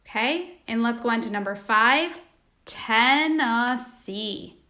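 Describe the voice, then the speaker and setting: A woman teacher leads a recorded phonics lesson for children, speaking slowly and carefully as she sounds out each word. Her voice is fairly high, animated, and sharp in tone.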